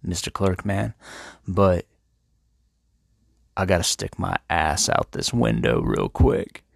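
Guy doing a bossy brash wife, low voice barely changed, slangy. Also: animated, slow, gravelly, dry recording, clean studio sound, heavily acted. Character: brash adulterous miller's wife, woman.

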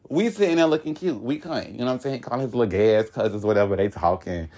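A young man from Florida telling a story in casual chat, animated and laughing as he goes. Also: brisk. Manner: animated and laughing, swoops high when excited. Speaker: guest telling his story.

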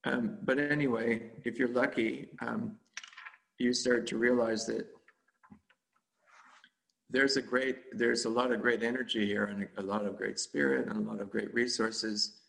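A man's voice: mid-range voice, fairly even intonation, a little slow, creaky, fairly bright tone. A man teaching meditation in a dharma talk, speaking in a rambling, conversational way with frequent chuckles.

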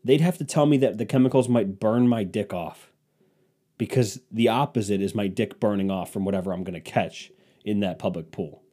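A man's voice: on the low side, moderate pace, mellow. Rambling, crude young comic man. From Cleveland, Ohio. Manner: rambling, self-mocking, crude. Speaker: podcast host. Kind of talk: comedic monologue.

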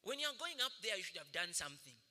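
A man, a senior pastor, preaching a sermon with animated storytelling and frequent laughter. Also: sits high, fast talker. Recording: echoey hall reverb.

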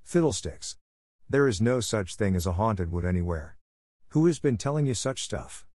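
A man's voice: on the low side, animated, moderate pace, darkish tone, dry recording. A man doing a curt stern old spinster. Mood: scornful. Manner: curt, dry, scolding. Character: stern practical older spinster.

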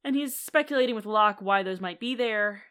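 A woman co-hosting a podcast, recapping a TV episode in casual chat with quick, animated, giggly retelling. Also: mid-range voice, clean tone. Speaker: podcast co-host.

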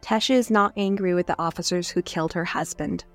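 A woman's voice: lowish voice, a little fast, faint music behind. A woman co-hosting a true crime podcast, narrating in an earnest, openly moved way. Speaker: podcast co-host.

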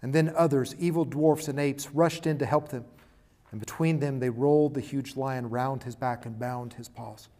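A man preaching a sermon and reading a storybook passage aloud, swinging from hushed to loud and emphatic. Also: mid-range voice, steady tone, normal speed.

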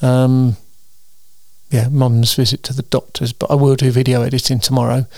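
A man's voice: mid-range voice, little pitch movement, moderate pace, vocal fry, darkish tone, no echo, clean studio sound. A tired man hosting his weekly solo show, chatting in a meandering way with frequent ums and restarts. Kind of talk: casual rambling monologue.

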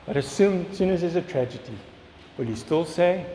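Earnest preacher guy, kinda high voice, repeats himself, echoey church room w faint hum. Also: lively intonation, a little fast, dark tone. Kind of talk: sermon. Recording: echoey hall with long reverb, faint ambience.

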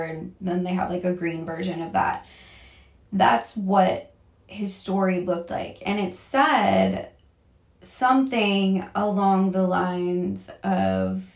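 A young adult woman telling a story in a casual vlog, rambling with many fillers, restarts and frequent swearing. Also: medium pitch. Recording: echoey room, a bit far from the mic.

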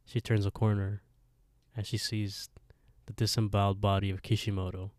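A man's voice: on the low side, little pitch movement, normal speed, a little mellow, dry recording, studio quality. A man co-hosting a podcast, animatedly retelling a story in casual chat and laughing often. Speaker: podcast co-host.

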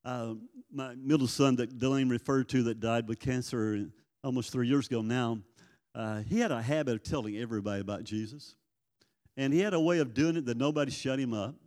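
A man's voice: mid-range voice, fairly quick, a little mellow. An older man from Arkansas, giving a folksy church testimony about prison ministry. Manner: folksy storytelling, acts out voices in quotes. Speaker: prison ministry guest speaker. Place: church sanctuary. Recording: long church reverb.

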